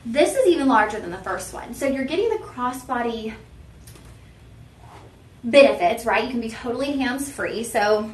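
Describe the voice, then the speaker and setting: A young woman hosts a live shopping show in a chatty, self-teasing way, talking straight to her viewers. Her voice sits a little high. The studio sounds roomy, with a faint hiss underneath. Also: lively intonation, moderate pace. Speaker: shopping channel host.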